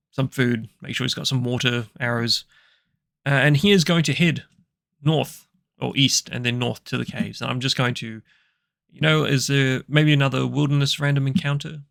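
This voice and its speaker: Brief: gravelly-voiced man running a solo tabletop game, rambling and self-correcting, dry close sound. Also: mid-range voice, fairly bright tone, dry recording.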